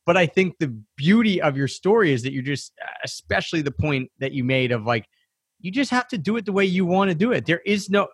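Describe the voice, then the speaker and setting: A man's voice: mid-range voice, no echo, studio quality. A man hosting a podcast, chatting with enthusiasm and calling his guest "man" in a friendly way. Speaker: podcast host. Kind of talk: casual interview chat.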